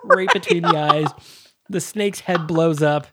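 A woman's voice: sits low, a little slow, heavy background noise. A woman co-hosting a podcast, retelling a movie scene by scene in casual, swear-laden chat. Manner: animated, swearing, acting out scenes with laughs. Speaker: podcast co-host.

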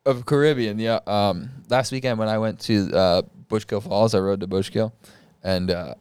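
A laid-back man co-hosting a podcast and joking through casual chat. His voice sits a little low and sounds smooth and resonant. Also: steady tone, normal speed, a little mellow, no room sound. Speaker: podcast co-host.

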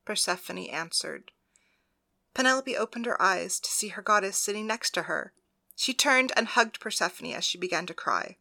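A woman narrating an audiobook in a quiet, hushed storytelling manner. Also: mid-range voice, animated, moderate pace, vocal fry.

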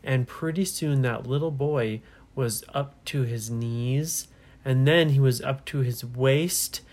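Slow, low-voiced woman telling a bedtime story. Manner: hushed, slow, asks the listener questions. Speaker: storyteller to children.

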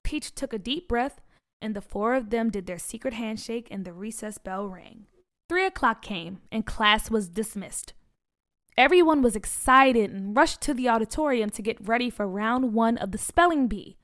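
A woman reads a children's story aloud in an expressive, animated way. Her voice sits fairly high and she gives the narration plenty of lift. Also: moderate pace.

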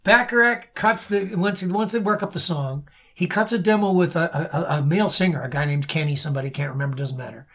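Animated storyteller musician. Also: medium pitch. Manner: animated anecdotal storyteller, halting restarts. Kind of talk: casual storytelling chat. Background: faint guitar.

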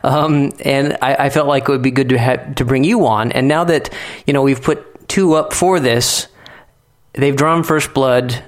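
A man's voice: medium pitch, steady tone, unhurried. Male podcast host, easygoing and joking. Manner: joking, playful. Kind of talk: casual podcast discussion.

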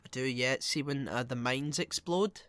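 Bright-voiced playful man. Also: medium pitch, no room sound. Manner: playful, jokey, quick bursts. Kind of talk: casual film chat.

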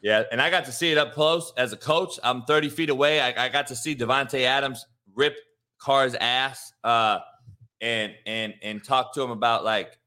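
A man who coaches football, co-hosting a casual podcast with animated, profane storytelling. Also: medium pitch, normal speed. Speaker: coach, co-host. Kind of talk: casual chat.

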